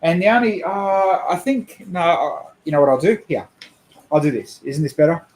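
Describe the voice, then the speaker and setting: A man's voice: fairly high pitch, animated, normal speed, darkish tone, reverberant, slight background noise, low-quality recording. Sweary man streaming Lego builds. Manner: blunt, sweary, joking. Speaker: streamer host. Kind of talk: casual livestream chat.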